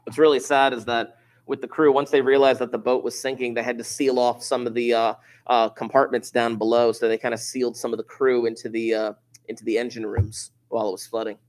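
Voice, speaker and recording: A man teaching a high school statistics class, casual and offhand, who slows down and repeats key points for emphasis. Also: little pitch movement, a little mellow. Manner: informal, offhand asides. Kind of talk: classroom lecture.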